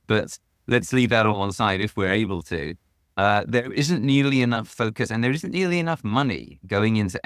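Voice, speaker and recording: A man's voice: deep voice, a bit bright, no echo, clean studio sound. A man answering as a guest author on a podcast, earnest and emphatic, leaning hard on key words.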